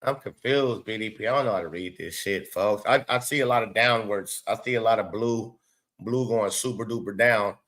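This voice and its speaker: A man hosting a show, giving loose, excitable live reaction commentary with lots of swearing and laughing asides. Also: on the low side, moderate pace. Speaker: show host.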